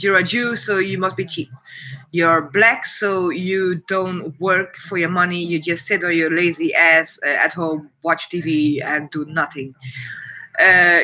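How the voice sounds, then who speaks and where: A Dutch-accented man chatting on his own live stream, blunt and opinionated, with "it's like" in nearly every sentence. His voice sits high for a man and rings very bright and forceful. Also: poor audio. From Netherlands. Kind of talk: casual live stream chat.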